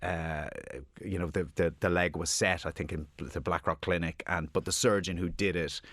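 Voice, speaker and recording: An Irish man with a low, deep voice chats as a radio guest, self-deprecating and full of restarts. The sound is dry and close, straight into a studio mic. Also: steady tone, normal speed, fairly bright tone, no echo. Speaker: author guest. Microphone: studio microphone.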